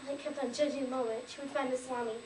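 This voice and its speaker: A woman recites a lively story, dropping in frequent "like"s as she goes. Her voice sits high, and the room echoes around it. She is recorded from far off, with a faint background hum. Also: rapid-fire. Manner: lively storyteller, heavy use of "like". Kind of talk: storytelling recitation at a language fair.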